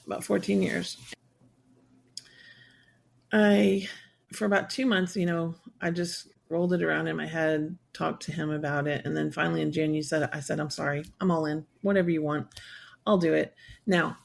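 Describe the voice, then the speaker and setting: A woman's voice: deep voice, flat delivery, normal speed, creaky. A woman in her sixties, a guest on an interview podcast, telling her story candidly and at length, sometimes acting out what people said. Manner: candid, rambling, acts out quoted voices. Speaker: guest, survivor advocate.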